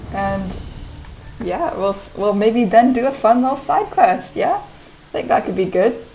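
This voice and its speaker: A young woman streaming a fantasy game, chatting excitably and giggling to her viewers. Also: mid-range voice, muffled recording, a little hiss or hum. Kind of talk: casual gameplay commentary. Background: game music.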